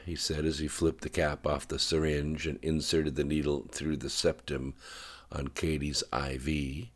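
A man reading fiction aloud in a steady, understated narration. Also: extremely low pitch, unhurried. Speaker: audiobook narrator. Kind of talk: scripted narration.

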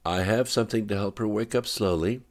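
A man voicing a guarded, gentle husband. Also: lowish voice, fairly quick, voice pushed up, lightly acted. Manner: calm, careful. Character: gentle worried husband, guarded with bad news.

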